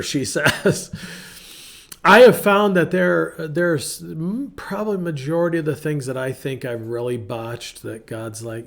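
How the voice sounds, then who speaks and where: A middle-aged man talks casually through a devotional message in a mid-range voice. He is chatty and animated, and he acts out the people he quotes with lively shifts in his voice. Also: mid-range voice, measured pace, gravelly. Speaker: ministry podcast host.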